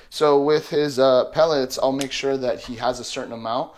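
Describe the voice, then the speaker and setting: A man casually narrating his daily routine with his pet bird at home, and now and then talking to the bird in a high, sing-song voice. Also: fairly even intonation, moderate pace, slight background noise. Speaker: bird owner vlogger. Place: at home in an apartment.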